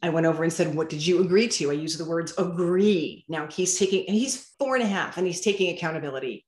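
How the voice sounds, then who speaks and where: A woman's voice: on the low side, fast. A woman guest telling parenting stories in casual interview talk, acting out bits of dialogue as she goes. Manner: animated storyteller who acts out dialogue. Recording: roomy echo.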